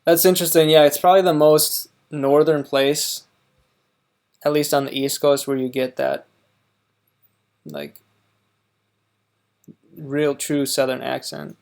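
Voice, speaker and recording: Creaky-voiced man with a Wisconsin accent. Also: fairly high pitch, little pitch movement, darkish tone. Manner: halting, with many fillers and restarts. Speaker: host reacting to a video. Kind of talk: casual reaction commentary.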